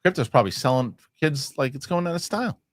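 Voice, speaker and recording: A man's voice: medium pitch, fast, no echo, studio quality. A man hosting a casual movie chat show, reading viewer comments and joking with his co-hosts. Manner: animated, acts out sketch voices. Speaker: host.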